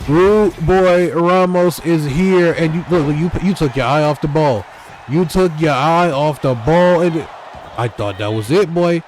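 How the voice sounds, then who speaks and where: A man calling a wrestling video game match in lively play-by-play. His voice sits a little high for a man, and he trash-talks the wrestlers directly. A faint noise runs underneath. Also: normal speed. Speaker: game commentator.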